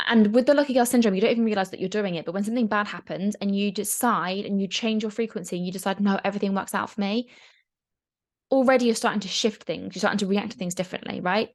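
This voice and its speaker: A young woman coaching in a casual, chatty talk, frank and quick to swear. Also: mid-range voice. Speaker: mindset coach.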